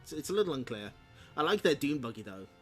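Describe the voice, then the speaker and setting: A man's voice: mid-range voice, big pitch swings, quick pace, soft background music. Chatty man reading comics on stream. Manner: chatty, laughing asides. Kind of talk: casual comic read-along commentary.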